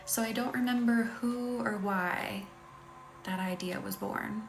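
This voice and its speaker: A woman in her thirties hosting a live-streamed healing session, leading affirmations and stopping often to greet viewers in the chat. Her manner is gentle and chatty. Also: mid-range voice, fairly even intonation, unhurried, vocal fry. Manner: gentle, chatty, often breaking off to read comments. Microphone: computer mic on a live stream. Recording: echoey room with faint music.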